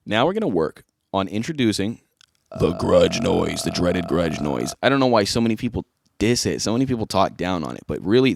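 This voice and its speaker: A man's voice: fairly low pitch, darkish tone, no echo, clean studio sound. A man giving a casual, easygoing singing tutorial as a vocal coach.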